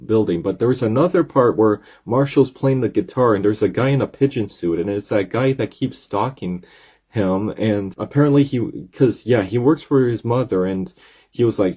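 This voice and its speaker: Man, casual rambling recap delivery, mellow and slightly husky tone. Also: on the low side, normal speed. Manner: rambling, excitable retelling with many restarts. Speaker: video recap creator.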